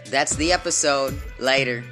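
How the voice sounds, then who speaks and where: A man hosts his podcast, telling a story casually in a relaxed voice that often sinks quieter. He drops profane asides without fuss. Music plays steadily under him. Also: medium pitch, a little slow.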